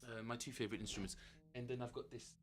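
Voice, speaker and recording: A middle-aged man, a bassist, chatting casually to viewers on his live practice stream, rambling and correcting himself as he goes. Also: steady tone, fast talker, a little hiss or hum. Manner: rambling and self-correcting, chuckling often.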